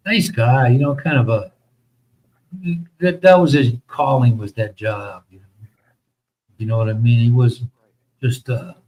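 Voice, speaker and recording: A man's voice: medium pitch, unhurried, long pauses, highs cut off. A middle-aged man from the United States, hosting a casual chat and telling long, profane army stories with many fillers. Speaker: host.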